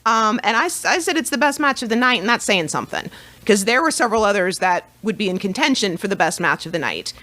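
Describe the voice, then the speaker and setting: Bright, lively woman podcaster. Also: medium pitch, fast talker. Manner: enthusiastic, nerdy fan talk. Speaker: podcast co-host. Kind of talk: casual podcast chat.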